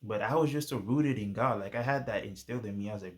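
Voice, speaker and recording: Young guy telling his testimony, kinda low pitched, chill slang and lots of "you know what i'm saying". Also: fast talker. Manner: laid-back slang, frequent fillers. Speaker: person sharing a personal testimony. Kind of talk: casual storytelling.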